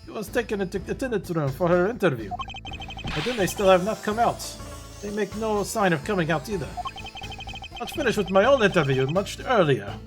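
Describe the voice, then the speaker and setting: A man's voice: high-pitched, expressive, fairly quick, pitched above the performer's own voice. A man voicing a pushy, flamboyant foreign art dealer who talks in broken English. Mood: excitable. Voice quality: broken-English sing-song delivery. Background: game music.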